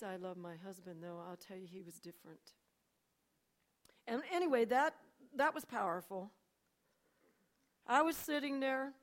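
An older woman telling her personal testimony to a church audience, swinging between hushed asides and loud, animated storytelling. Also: medium pitch. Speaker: church speaker.

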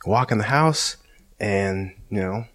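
A man's voice: on the low side, unhurried, fairly bright tone. A man giving a personal faith testimony in a conversational, storytelling way, acting out dialogue in shifting voices and often checking in with asides. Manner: frequent asides like "okay?" and "you know".

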